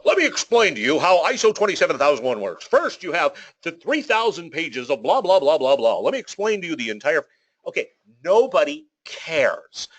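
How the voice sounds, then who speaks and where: Man, webinar presenter, sarcastic rant, lively swooping pitch, frequent okays. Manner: animated, sarcastic and ranting, with playful jabs; frequent fillers like okay and all right. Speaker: webinar presenter on policy writing. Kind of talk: informal webinar lecture.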